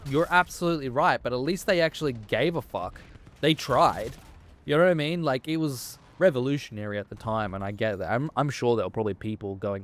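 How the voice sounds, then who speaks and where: A man's voice: on the high side, animated, moderate pace. A man in his twenties rants about a video game in a loose, profane way. He gets heated, stumbles, and restarts his thoughts as he goes. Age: 20s. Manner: heated, swearing, rambling with frequent restarts. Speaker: gaming vlogger. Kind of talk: casual ranting commentary.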